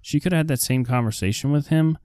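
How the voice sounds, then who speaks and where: A man's voice: fairly high pitch, fast talker, darkish tone, clean tone, no room sound, studio quality. A man co-hosting a podcast, chatting casually and rambling with lots of fillers about a film. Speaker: podcast co-host. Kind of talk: casual chat recapping a film.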